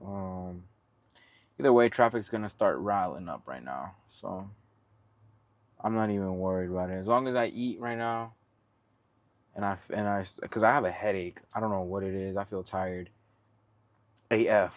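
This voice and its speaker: A man's voice: sits low, moderate pace, long pauses, dry recording, dull audio. A man who drives trucks, chatting casually for his vlog in a laid-back, slangy, rambling way while out at a truck yard.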